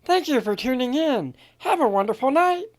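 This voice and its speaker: A man putting on a prim, very high, sing-song announcer voice. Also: lively intonation, moderate pace. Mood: sugary.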